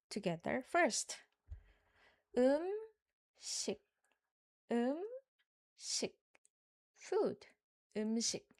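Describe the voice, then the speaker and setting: A woman, teaching a live lesson in English and patiently repeating each word for learners. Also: medium pitch. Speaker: Korean language teacher. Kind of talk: live online Korean lesson.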